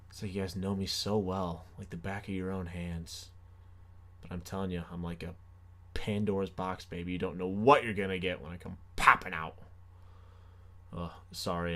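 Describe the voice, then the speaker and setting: A man's voice: low-pitched, a bit bright. A young man hosting a comedy podcast, telling a story animatedly with self-mocking sarcasm. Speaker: podcast host. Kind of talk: comic storytelling.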